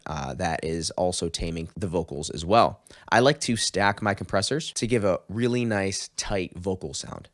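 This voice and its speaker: Tutorial host, male, low-ish voice, upbeat step-by-step explainer, dry close mic. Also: no room sound. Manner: upbeat, explanatory, walks through settings step by step. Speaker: mixing engineer teaching a tutorial. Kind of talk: screen-recorded music production tutorial.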